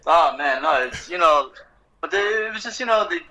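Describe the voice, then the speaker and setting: A middle-aged man in casual podcast talk, an animated, profane storyteller who acts out exchanges. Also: a little high, normal speed, rough recording. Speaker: poet and guest.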